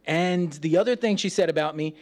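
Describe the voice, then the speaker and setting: Animated preacher, slightly high male voice. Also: fairly quick. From United States. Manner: playful, laughs often, acts out voices. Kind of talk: sermon with personal stories.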